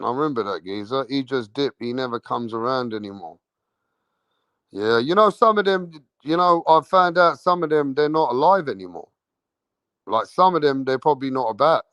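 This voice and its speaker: This man hosts a boxing livestream in a London accent, calling out questions to his chat and waiting for replies while swearing, using slang, and repeating himself brashly. His mid-range voice has lively intonation at a normal speed. The sound is a bit bright and free of echo.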